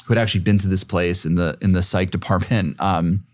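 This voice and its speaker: Low-voiced man telling his story casually. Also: fairly even intonation, brisk, no echo, studio quality. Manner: rambling, lots of fillers and swearing. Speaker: podcast guest.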